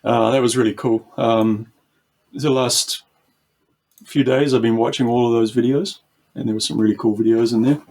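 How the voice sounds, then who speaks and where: A man's voice: medium pitch, fairly even intonation, moderate pace, vocal fry, a little mellow. A man with a New Zealand accent, chatting casually as a podcast guest, with many ums and restarts. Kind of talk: casual chat.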